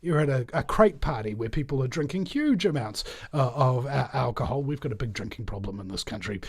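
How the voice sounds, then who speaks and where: A man's voice: medium pitch, lively intonation, a little fast, slightly rough, no room sound. A New Zealand man hosting a talk show, chatting loosely with many fillers and restarts. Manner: rambling, lots of uh fillers and restarts. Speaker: show host. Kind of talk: casual chat.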